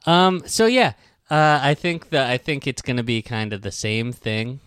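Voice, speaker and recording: A man's voice: mid-range voice, expressive, normal speed, a bit bright, clean tone, no room sound. Wry, swearing male podcast host. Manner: profane, wry, rambling. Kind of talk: casual comedic chat.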